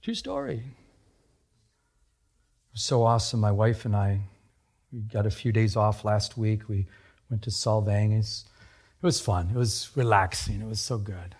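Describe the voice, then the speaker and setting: A man preaching a sermon, telling personal stories in a chatty, animated way. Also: lowish voice, normal speed, pauses often, breathy edge. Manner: animated, chatty, laughs at his own jokes. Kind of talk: sermon storytelling.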